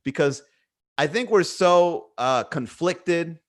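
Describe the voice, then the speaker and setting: Male podcast host, slightly high voice, rambling and philosophical, loose and profane, recorded at home. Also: slow pace. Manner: rambling, musing, swears freely, many fillers. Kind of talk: casual solo podcast monologue. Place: indoors at home.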